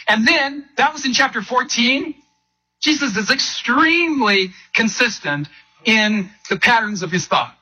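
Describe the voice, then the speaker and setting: A man preaching a sermon to a congregation, animated, leading call-and-response and acting out quotes. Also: extremely high pitch, husky, low-quality recording. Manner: acts out quotes in shifting voices. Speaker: pastor.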